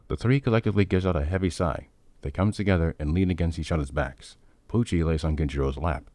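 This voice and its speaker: A man giving steady, matter-of-fact scripted narration of a fan-made story. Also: sits low, fast, dry recording.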